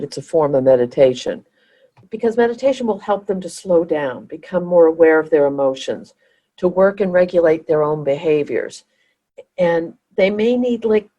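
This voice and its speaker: A woman co-hosting a podcast, talking in an earnest way and often pausing to find her words. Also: fairly low pitch, dark tone, low-quality recording. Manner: earnest, restarts and searches for words. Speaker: podcast co-host. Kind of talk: conversational podcast chat.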